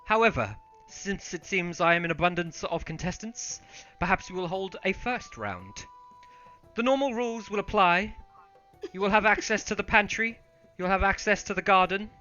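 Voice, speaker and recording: A proud, condescending male chef, played by a man with a bright, fairly high voice. He talks down to everyone in a pompous tone. The sound is a little dull, with faint music behind. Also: animated, normal speed.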